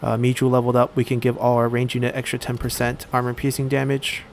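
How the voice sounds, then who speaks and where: A man giving casual let's-play commentary while he plays a strategy game, thinking aloud and pausing often on fillers. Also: medium pitch, completely flat delivery, a little hiss or hum. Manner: thinks aloud, halting with frequent "uh".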